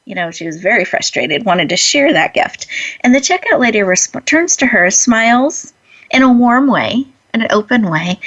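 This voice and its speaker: A woman host telling a personal story in an earnest way and then guiding listeners through a slow breathing exercise. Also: on the high side, very animated, fairly bright tone, dull audio. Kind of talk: inspirational talk and guided breathing.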